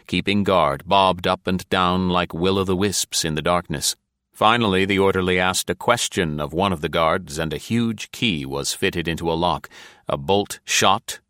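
A man narrating an audiobook in a measured, even storytelling manner. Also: deep voice, no room sound, clean studio sound. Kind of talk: scripted narration.

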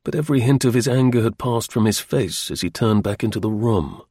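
A man narrating an audiobook in a measured, even storytelling manner. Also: mid-range voice, husky, no echo, studio quality.

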